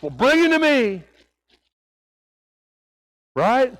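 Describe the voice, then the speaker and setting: A man with a light Oklahoma Southern accent preaches a sermon. His voice sits high for a man and sounds dry and close, with little room around it. He leans on rhetorical questions and moves between hushed, quiet passages and emphatic raised ones. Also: very animated, extremely slow, no echo, low-quality recording.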